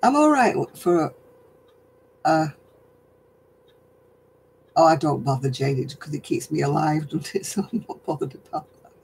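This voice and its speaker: An older woman from northern England with a softened regional accent, hosting a casual craft live stream, chatting with viewers and chuckling often. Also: low-pitched, expressive, normal speed, pauses often, slight background noise, poor audio. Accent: softened northern English. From Oldham, England. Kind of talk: casual chat answering viewer comments.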